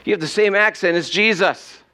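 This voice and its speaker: A man as pastor, preaching a sermon in a slow, earnest storytelling way with dramatic pauses. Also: sits high, bright, forceful tone.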